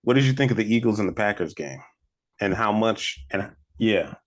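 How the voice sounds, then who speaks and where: A man's voice: on the low side, expressive, normal speed. A man co-hosting a sports podcast, asking his partner questions and giving short, agreeable replies. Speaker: podcast co-host. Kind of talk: casual sports chat.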